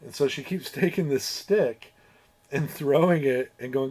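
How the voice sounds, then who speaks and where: A man's voice: medium pitch, expressive, normal speed, a little mellow, slight background noise. A man hosting a podcast, swearing and laughing as he recaps a film in casual, rambling chat. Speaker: podcast host. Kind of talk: casual movie review chat.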